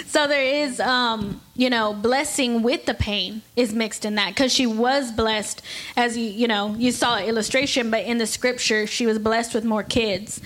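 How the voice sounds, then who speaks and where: A woman adding reflective comments to a sermon as co-teacher, slow and halting with fillers. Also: a little high, fairly bright tone.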